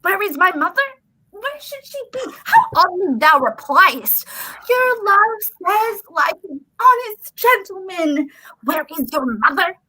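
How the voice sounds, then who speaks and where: A woman's voice: very high-pitched, big pitch swings, unhurried, sharp tone, exaggerated voice, poor audio. A woman playing an impatient young girl in love in a Shakespearean stage drama, pleading and theatrical. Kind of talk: Shakespearean stage acting over video call.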